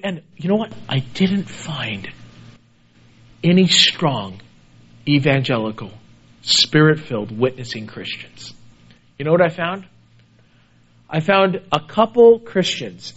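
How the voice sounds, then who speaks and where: A man preaching a sermon with passion, his voice swinging between loud, raised pleas and hushed, low tones. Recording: dull lo-fi recording.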